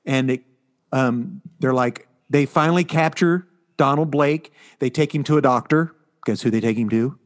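Speaking at a moderate pace with a medium-pitched voice, this man co-hosts a comics review podcast. His talk is casual chat, full of fillers as he rambles through stories.

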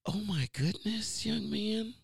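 A man's voice: high-pitched, expressive, slow, creaky, husky, no echo, clean studio sound, voice pushed up, exaggerated voice. A man putting on the voice of a prim, astonished church lady from his childhood.

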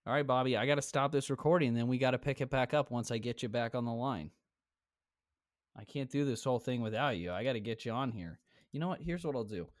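A man's voice: mid-range voice, fast talker, no echo, studio quality. A man in his twenties hosting a podcast from home on a headset, chatting casually, brash and teasing, swearing freely. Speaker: podcast host. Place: home, recording virtually.

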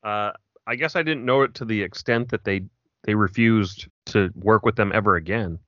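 A man's voice: lowish voice, moderate pace, a bit bright, dry recording. A man co-hosting a podcast, casual and teasing in a laid-back way. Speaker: podcast co-host. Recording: dry, dull lo-fi audio.

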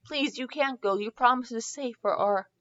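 Woman reading a weepy princess, soft pleading lines, bright voice, muffled mic. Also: on the high side, normal speed, natural voice. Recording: slightly muffled home recording.

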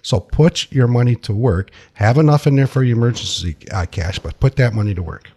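A man's voice: medium pitch, fairly quick, mellow, slightly rough. A man who is a financial advisor, talking in a plainspoken, conversational way as a guest on a radio talk show. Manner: plainspoken, conversational, uses folksy sayings.

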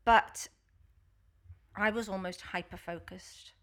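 A woman's voice: mid-range voice, steady tone, slow pace, a bit bright. A middle-aged woman with a Liverpool accent, chatting as an interview guest, with many fillers and a self-deprecating humour. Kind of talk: casual interview.

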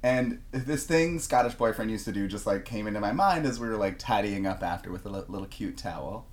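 A man co-hosting a podcast, telling a story in casual chat, animated and laughing a lot as he talks. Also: lowish voice, fairly quick. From Canada. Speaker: podcast co-host.

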